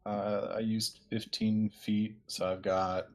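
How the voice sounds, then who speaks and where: Lowish voiced guy playing a tabletop game, sheepish, sudden loud bursts. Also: level tone, takes it slowly. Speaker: player. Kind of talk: casual tabletop game chat.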